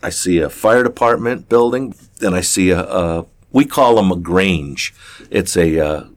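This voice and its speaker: An older man from southern Ohio, appearing as an interview guest, tells a story at an easy, unhurried, rambling pace. His deep, low-pitched voice sounds casual and folksy, full of "uh"s and restarts.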